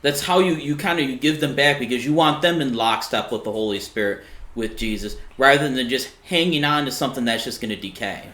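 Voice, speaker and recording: Male podcast guest, mid pitch, earnest and convinced, echoey room. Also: fairly quick, fairly bright tone. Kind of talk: faith discussion podcast.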